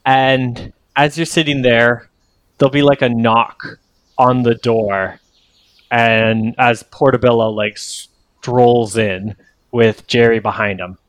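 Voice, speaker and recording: A man's voice: mid-range voice, fairly even intonation, slow, no echo. A man narrating as game master of a tabletop game, hesitant and full of restarts.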